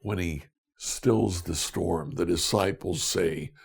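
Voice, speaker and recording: A man teaching a Bible study in a deliberate way, repeating key questions for emphasis. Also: low voice, vocal fry, husky. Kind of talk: scripture teaching talk.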